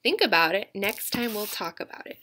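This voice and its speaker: A museum educator, speaking in a mid-range voice at a brisk clip, reads a picture book aloud to young English learners. She is animated and repetitive, at times slipping into a soft whisper, and a little hiss or hum can be heard.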